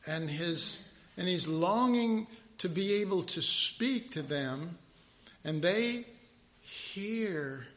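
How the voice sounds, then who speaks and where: A man's voice: high-pitched, expressive, extremely slow, a bit bright. A man preaching a sermon in a rambling, conversational way, restarting his sentences often.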